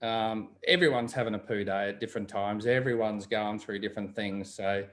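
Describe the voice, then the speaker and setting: A man's voice: lowish voice, moderate pace, fairly bright tone. A man in casual chat, telling stories and acting out the voices of people he quotes. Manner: chatty storyteller, acts out quoted voices. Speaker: guest.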